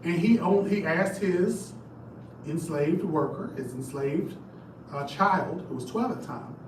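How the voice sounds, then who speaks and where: A man's voice: a little high, measured pace. A man giving a casual live history talk, chatty and jokey, speaking straight to his audience. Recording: echoey room, distant mic, background noise.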